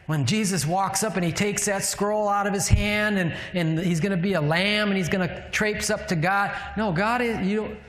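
A man's voice: high voice, normal speed, hardly any pauses, a bit bright. Man preaching in an echoey hall. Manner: conversational, asks the room rhetorical questions. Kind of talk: sermon teaching. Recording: echoey hall with long reverb.

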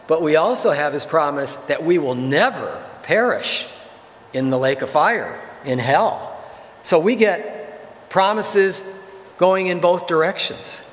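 A man preaching a sermon in a church, emphatic, slowing down to read scripture and repeating key phrases. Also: on the high side. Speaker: pastor. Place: church sanctuary. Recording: church hall reverb.

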